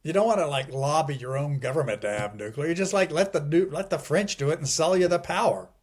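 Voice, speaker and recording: A man's voice: a little high, quick pace. Middle-aged guy rambling thru an interview, lots of you know, dry chuckles. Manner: rambling, digressive, frequent restarts and "you know"; wry, chuckles at grim points. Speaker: guest. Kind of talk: casual conversational interview.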